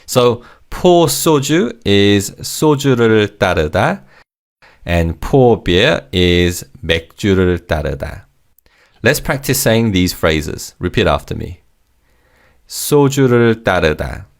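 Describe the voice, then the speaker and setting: A man's voice: on the low side, big pitch swings, moderate pace. A man teaching vocabulary in a scripted lesson, patiently saying each word twice and praising the learner. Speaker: language teacher.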